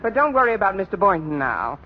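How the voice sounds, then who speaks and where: An actress playing a dry, sarcastic schoolteacher in 1940s radio acting. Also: female voice, mid-range voice, very animated, quick pace, close to an everyday voice. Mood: wry. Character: wisecracking schoolteacher woman, dry and sardonic. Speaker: teacher. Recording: dull old radio broadcast with faint hiss.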